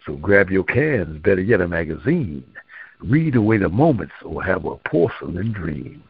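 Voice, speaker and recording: A man's voice: deep voice, very animated, moderate pace, creaky, slightly rough, no room sound, phone-quality sound. A man co-hosting a poetry show, delivering a comic spoken-word poem in a rhythmic, rhyming way and then chatting casually. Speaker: co-host and poet.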